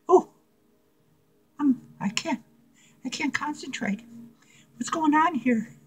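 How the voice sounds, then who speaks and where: In a rough recording, a man uses a very high-pitched, fairly bright voice at a moderate pace to portray a crazed clown for a comedic character vlog. Giddy and profane, the unhinged character cackles and rambles crudely.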